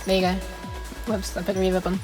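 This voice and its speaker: Loud music sits behind a young woman's medium-pitched, monotone voice as she chats quickly during a game stream. Her casual talk is rambling and giggly, and she keeps interrupting and restarting herself.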